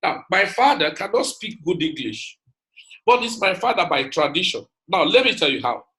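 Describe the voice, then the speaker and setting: A man's voice: high voice, sing-song, moderate pace, sharp tone, poor audio. A man giving an emphatic motivational lecture, repeating his points and calling out to his audience. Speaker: speaker.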